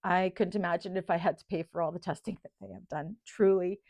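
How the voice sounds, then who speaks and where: A middle-aged woman, a channel host in casual livestream chat, talking in a heartfelt, halting way with many ums while holding back tears. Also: lowish voice, steady tone, a little mellow, dry recording. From Canada.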